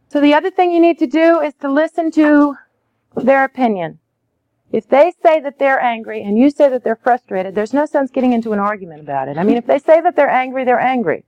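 A woman's voice: high voice, a little mellow, dry recording, muffled recording. A woman teaching parents how to name children's feelings, often acting out soothing phrases to a child. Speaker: parenting educator. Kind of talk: conversational teaching.

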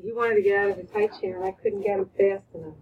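Brief: mother, quick and animated, husky, slightly dull lo-fi recording. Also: medium pitch. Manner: animated retelling, quoting herself. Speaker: parent. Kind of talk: casual chat.

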